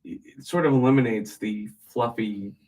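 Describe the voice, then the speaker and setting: A man's voice: mid-range voice, moderate pace, darkish tone, distant mic. A man in casual small talk who rambles, hesitates often and laughs. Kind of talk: casual chat.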